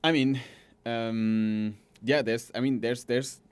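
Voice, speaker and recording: A man co-hosting a podcast, talking in a relaxed and hesitant way with many fillers. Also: medium pitch, slow, clean tone. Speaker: podcast co-host. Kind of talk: casual podcast chat. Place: podcast booth at a conference office.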